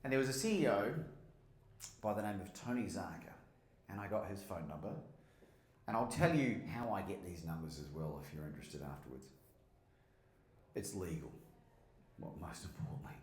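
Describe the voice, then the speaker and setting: A man's voice: low-pitched, moderate pace, pauses often, roomy sound. A man with an Australian accent, a speaker and podcaster, telling anecdotes to a live audience. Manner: lively anecdotal storytelling, quotes others. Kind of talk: storytelling talk to a live audience.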